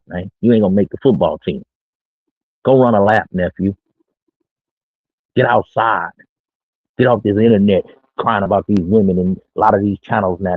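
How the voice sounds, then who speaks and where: A husky, low-leaning voice comes from a middle-aged man streaming dating talk in his small studio. He runs a casual monologue in brash, boastful street slang, and the audio is tinny and phone-like, without echo.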